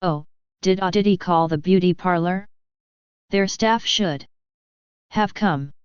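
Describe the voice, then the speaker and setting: Brief: firm old-fashioned mother, voiced by a woman reader; clear tone, dry sound. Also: on the low side, slow, no room sound. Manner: firm, matter-of-fact. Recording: dull, dry lo-fi audio.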